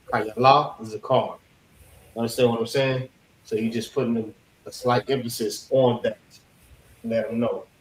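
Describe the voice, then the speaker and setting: A man teaching a language class, patiently repeating words slowly for students. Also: medium pitch. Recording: echoey room, faint background noise.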